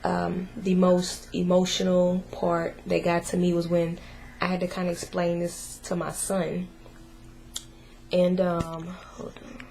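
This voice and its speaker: A mother giving a family update in a casual vlog, speaking softly and emotionally in a halting way, with many pauses and fillers. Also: on the low side, completely flat delivery, gravelly, a little hiss or hum. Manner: soft and emotional, holding back tears.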